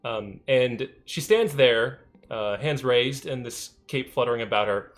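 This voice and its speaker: A man's voice: mid-range voice, animated, a little slow. A man narrating a tabletop game as game master, hesitant and full of ums. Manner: hesitant, many ums and uhs.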